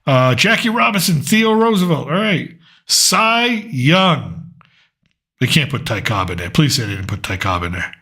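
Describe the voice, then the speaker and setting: An American man hosts a casual political commentary show on his own. His voice sits a little high and rings bright and pushy. He rambles and thinks aloud as he works through lists. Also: big pitch swings, a little slow. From United States.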